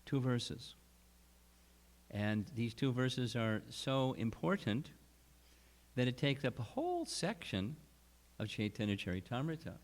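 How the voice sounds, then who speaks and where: A man giving a scripture lecture at a retreat, explaining slowly and deliberately, with restarts. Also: medium pitch, sing-song. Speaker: spiritual teacher.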